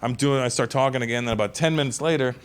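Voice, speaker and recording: A man telling a stand-up story with lively energy, who keeps slipping into the voices of the people in it. His pitch sits at an ordinary middle for a man. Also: fast. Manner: animated, acts out other people's lines. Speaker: stand-up comedian.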